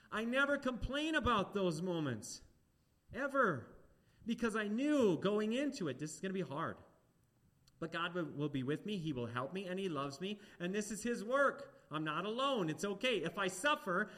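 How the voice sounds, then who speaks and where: A man preaching a sermon, animated and talking straight to the congregation with questions. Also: high voice.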